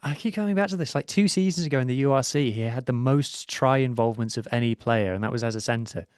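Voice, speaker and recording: A man's voice: medium pitch, fast talker, a little mellow, smooth, no echo. Playful podcast co-host man, dry sound. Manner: playful, laughs often. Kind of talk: casual chat.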